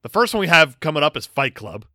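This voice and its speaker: A man co-hosting a comedy podcast, excitable and quick to mock outrage. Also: a little high, no room sound, clean studio sound. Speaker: podcast co-host. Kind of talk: casual comedic chat.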